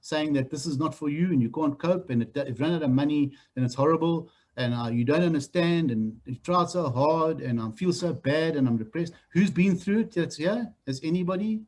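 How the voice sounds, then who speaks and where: South African trainer, middle-aged man, husky and fairly high, blunt and teasing delivery for group training. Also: normal speed, hardly any pauses. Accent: South African English. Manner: blunt, animated, teasing the room. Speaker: real estate trainer. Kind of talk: training talk to new agents.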